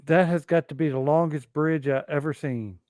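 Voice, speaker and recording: Male co-host, wry interjections, slightly high voice, dry close sound. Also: steady tone, normal speed, darkish tone, dry recording. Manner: wry, laughing asides. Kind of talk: casual commentary chat.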